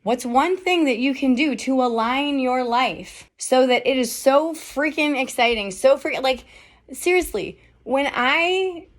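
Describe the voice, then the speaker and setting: A middle-aged woman speaks a motivational podcast monologue in a fairly high voice. She talks candidly and emphatically, peppering her speech with rhetorical questions and casual swearing. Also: a little slow. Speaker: podcast host.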